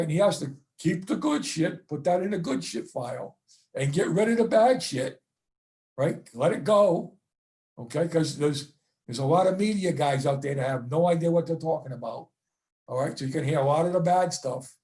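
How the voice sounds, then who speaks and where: A man's voice: on the high side, warm tone. A middle-aged man giving a football coaching clinic talk, blunt and profane, ending his points with "okay?" and "right?".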